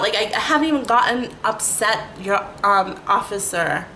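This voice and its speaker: A middle-aged woman telling a rambling, animated story in a casual vlog, full of "like" and restarts. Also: fairly high pitch, normal speed, few pauses, a little hiss or hum, poor audio. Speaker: storytelling vlogger.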